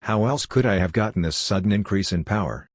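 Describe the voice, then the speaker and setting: A man's voice: on the low side, expressive, fairly quick, no room sound, studio quality. A man reading a smirking, savage traitor disciple. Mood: scornful. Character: scheming young male traitor disciple, arrogant.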